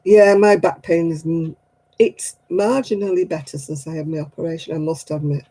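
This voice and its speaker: A woman's voice: low voice, steady tone, normal speed, mellow, low-quality recording. A woman hosting a craft livestream, chatting casually, laughing often and acting out other people's voices. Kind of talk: casual chat.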